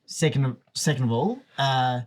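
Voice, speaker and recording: A man playing a tabletop game, excitable and rambling, often laughing. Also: medium pitch, moderate pace, faint music behind.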